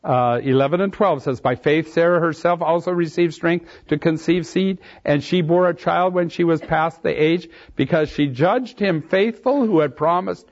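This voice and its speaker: A man's voice: on the high side, moderate pace, few pauses. A man preaching, reading scripture aloud and explaining it verse by verse, leaning hard on key phrases. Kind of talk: expository Bible teaching. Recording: dull lo-fi sermon recording.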